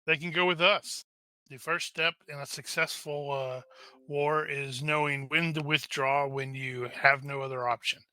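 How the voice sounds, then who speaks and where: A man's voice: on the high side, fairly even intonation, measured pace, bright, forceful tone, clear, resonant tone, dry recording. A man joking and wisecracking as a player in a tabletop game.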